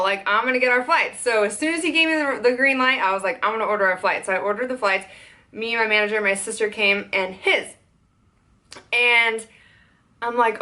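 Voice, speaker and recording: Young woman, fairly high voice, fast worked-up venting, lots of swearing. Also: bright, forceful tone. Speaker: content creator. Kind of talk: venting storytime vlog.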